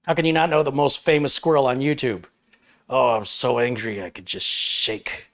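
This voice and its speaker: A man's voice: mid-range voice, expressive, normal speed, natural voice. A man voicing an indignant, hot-tempered male pet squirrel who is outraged at not being recognized. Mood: furious. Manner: huffy, outraged shouting.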